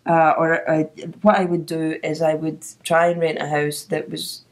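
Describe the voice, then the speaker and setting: A woman's voice: deep voice, level tone, normal speed. A middle-aged Scottish woman hosting a podcast, chatting and telling anecdotes with frequent laughter. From Scotland. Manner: chatty storyteller, laughs often. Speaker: podcast host. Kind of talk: casual chat.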